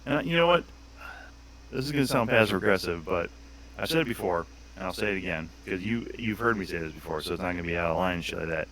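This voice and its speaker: A man's voice: low voice, expressive, fast talker, a bit bright, slight background noise, poor audio. A man chatting casually as a guest on a livestream, joking crudely and swearing a lot.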